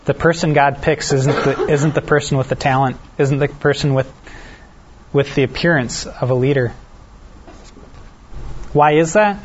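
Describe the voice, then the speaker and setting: Male Bible study leader, middle pitch, casual and self-deprecating, reads scripture and asks the group questions, muffled lo-fi recording. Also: normal speed, pauses often, slight background noise. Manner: reads scripture aloud, then explains it in a relaxed, self-deprecating way. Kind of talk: conversational Bible teaching. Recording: dull lo-fi recording.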